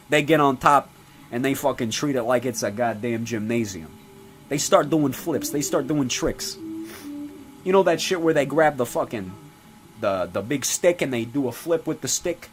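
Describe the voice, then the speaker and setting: A man playing a foul-mouthed, brash middle-aged father in a comedy sketch, rambling and ranting with lots of swearing. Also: lightly acted. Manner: profane rambling rants with animated pitch swings. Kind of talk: comedy sketch character monologue.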